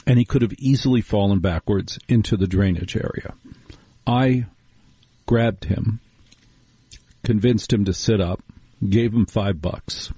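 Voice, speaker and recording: A man's voice: fairly low pitch, measured pace, pauses often, mellow, slightly rough, dry recording. A middle-aged American man hosting a late-night radio talk show, chatting wryly and drifting into stories. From United States. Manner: chatty, wry, digressive storytelling.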